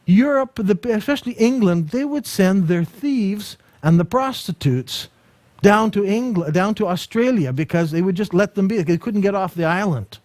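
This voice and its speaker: Man, ministry teacher; animated storyteller with a high, swooping voice and a dry, close sound. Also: no echo. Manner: animated storytelling, acts out dialogue; frequent restarts and repeated words. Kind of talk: ministry school lesson with personal stories.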